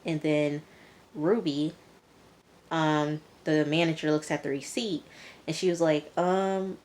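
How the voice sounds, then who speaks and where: A woman's voice: low voice, steady tone, a little slow, a little mellow. A young woman casually recapping a TV episode, with a chatty delivery full of "um" and "you know". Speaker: TV reviewer.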